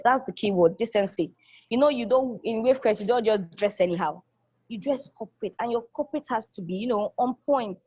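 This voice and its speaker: A young woman talks eagerly about her student life, circling back to repeat her points. Her voice sits mid-pitch for a woman. The recording is dull and lo-fi, with a dry, close sound. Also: darkish tone, husky, no room sound. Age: young adult. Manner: enthusiastic, repeats phrases, acts out quoted people. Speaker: college student. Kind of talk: casual spoken testimonial.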